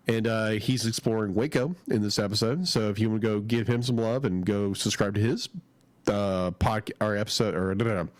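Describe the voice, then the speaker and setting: A man's voice: mid-range voice, dry recording. A man with a head cold chats on his podcast, rambling eagerly and restarting his sentences. His voice sits close to the mic in a dry, dead room. He is a regular co-host of the show. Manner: enthusiastic, rambling, with frequent restarts. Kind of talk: casual chat.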